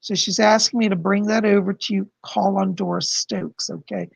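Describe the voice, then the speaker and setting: Male live-stream psychic host, gravelly and husky, gushing and warm with viewers, dry close mic. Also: high-pitched, steady tone, moderate pace, dry recording. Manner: effusive, calls viewers darling, relays spirit messages.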